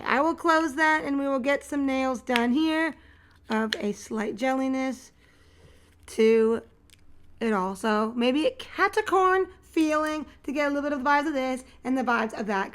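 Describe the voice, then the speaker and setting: Chatty woman vlogger, slightly high voice. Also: normal speed. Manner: chatty, thinks aloud, excited squeals. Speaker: nail art vlogger. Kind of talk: casual unboxing and nail tutorial chat.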